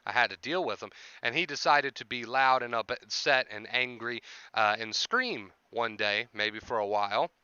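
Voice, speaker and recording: A man coaching on anxiety in an earnest explanatory monologue, piling up rhetorical questions and tagging "right?", and clearing his throat now and then. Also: medium pitch, normal speed, sharp tone, no room sound, dull audio. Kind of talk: explanatory self-help monologue.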